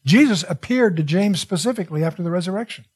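A man's voice: high-pitched, lively intonation, fast talker, slightly rough. An older man teaching through a Bible passage verse by verse, reading scripture aloud and asking his listeners questions in a conversational way. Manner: conversational, asks the audience questions.

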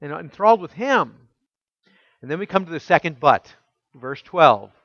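High-voiced man preaching a teaching sermon. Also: sing-song, dry recording, dull audio. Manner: asks the congregation rhetorical questions; reads scripture aloud slowly with emphasis. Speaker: pastor.

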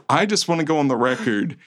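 A man co-hosting a casual podcast chat, animated and playfully over the top, making mock threats for laughs. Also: a little high, no echo, studio quality. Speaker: podcast co-host.

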